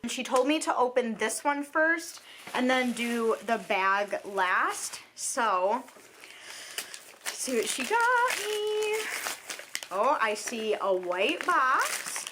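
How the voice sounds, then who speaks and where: On Christmas morning at home, a woman vlogs casually while opening presents, gushing and chatty with lots of "like" and "oh my God." Her voice is on the high side, sing-song and slow, with clear background noise and crinkling wrapping paper.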